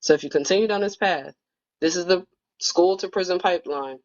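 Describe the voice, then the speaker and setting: A woman's voice: fairly low pitch, a little fast, darkish tone. A woman in a casual book club conversation, telling a personal story in a reflective, storytelling manner. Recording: muffled lo-fi audio.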